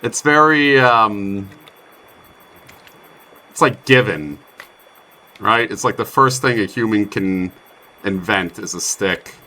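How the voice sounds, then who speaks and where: Man streaming a game, slow unhurried pace, fairly low voice, chatty and self-mocking. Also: expressive, pushed and bright. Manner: chatty, self-mocking, bursts of startled exclamations. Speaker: streamer playing a survival game. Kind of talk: let's play commentary.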